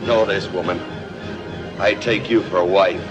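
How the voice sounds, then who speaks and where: Brief: a proud warlord from a 1950s epic, stiff, declamatory, faint music under him. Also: male voice, low-pitched, steady tone, measured pace, muffled recording. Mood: commanding. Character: proud, domineering Mongol warlord, a man. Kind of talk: 1950s film acting.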